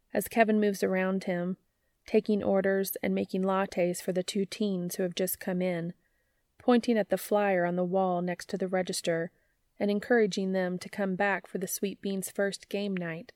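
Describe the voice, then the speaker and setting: A woman podcast host reading fan fiction aloud in an even, measured storytelling narration. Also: mid-range voice, no room sound.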